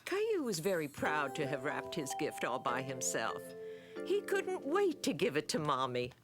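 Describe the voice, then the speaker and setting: A woman giving clear, scripted storybook narration for a preschool cartoon. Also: low voice, huge pitch swings, normal speed, music in the background.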